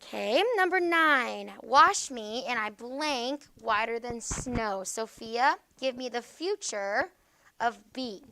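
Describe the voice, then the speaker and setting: A woman teacher with a fairly high, bright, forceful voice walks students through grammar. She is patient and explanatory, and she keeps checking their understanding with a quick "okay?". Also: animated. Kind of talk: classroom grammar lesson.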